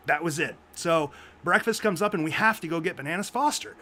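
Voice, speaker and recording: A man's voice: a little high, brisk. A man, co-host of a memorial podcast, telling a funny anecdote on a group video call and acting out what others said. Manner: animated anecdote telling, acts out quoted voices.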